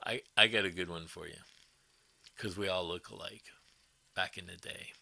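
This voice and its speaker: A man's voice: low voice, fairly even intonation, normal speed, gravelly, bright, forceful tone. A man hosting a livestream, telling casual rambling stories to his viewers, chuckling often and swearing freely. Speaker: livestream host.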